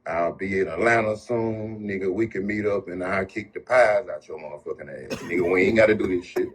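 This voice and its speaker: Low husky dude on a live, blunt, making threats. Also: male voice, brisk. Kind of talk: casual livestream argument.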